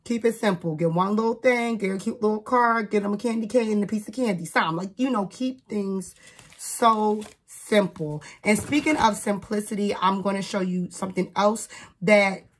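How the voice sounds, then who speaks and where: A woman's voice: medium pitch, normal speed, breathy edge. A young woman from New Jersey, a teacher, chatting casually to camera about the gifts she bought, with lots of "like" and "um" fillers. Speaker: vlogger.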